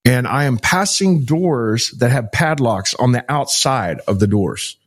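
Middle-aged male pastor, animated storyteller, mid-pitched voice, emphatic and repetitive delivery. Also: a little slow, husky. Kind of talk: personal storytelling to an interviewer.

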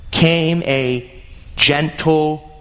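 A man's voice: on the high side, steady tone, drawn-out words, a bit bright, poor audio. A man preaching a sermon and retelling a scripture story to his congregation, rising and dropping his voice for emphasis.

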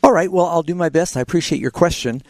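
A man's voice: fairly high pitch, quick pace, a little mellow, no room sound. A man hosting a call-in Bible radio show, patiently explaining scripture to callers with frequent fillers. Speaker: radio Bible program host.

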